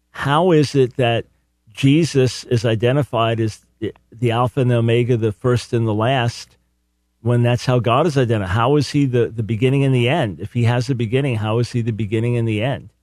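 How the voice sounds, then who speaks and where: Male radio host, earnest and emphatic, mid pitch, dry close mic. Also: fairly quick, darkish tone, dry recording. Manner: earnest, emphatic, repeats words when starting a phrase. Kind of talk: call-in radio talk.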